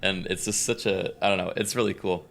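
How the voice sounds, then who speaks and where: A man's voice: low voice, steady tone, brisk, vocal fry, a bit bright. A man in casual chat, rambling and laughing often. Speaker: co-host.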